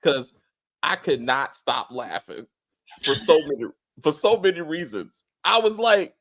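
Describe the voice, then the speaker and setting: A man co-hosting a casual TV review, animated and profane, acting out scenes in put-on voices. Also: fairly high pitch, a little slow. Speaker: show co-host.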